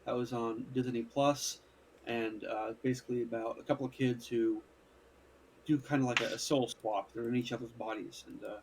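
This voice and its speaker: A man's voice: mid-range voice, steady tone, normal speed, darkish tone, slight background noise, low-quality recording. A man who is a guest on a casual chat, steadily going through a list of recommendations.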